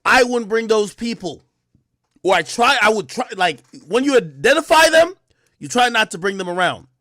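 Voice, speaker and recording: A man's voice: high-pitched, lively intonation, normal speed, bright, forceful tone, no room sound, studio quality. A man giving casual commentary as a reaction host, explaining his take in a loose, conversational way with frequent fillers. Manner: casual, explanatory, repeats "you know" and "like".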